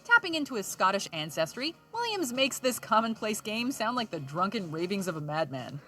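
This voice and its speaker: Bright, lively woman narrating a countdown. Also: medium pitch, a little fast, soft background music. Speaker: list narrator. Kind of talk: scripted narration.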